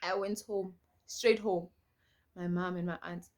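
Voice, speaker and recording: A young South African woman telling a personal story to her viewers in an animated, emphatic way, repeating lines for effect. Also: fairly low pitch, measured pace. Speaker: storytime vlogger. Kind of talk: casual storytelling to camera.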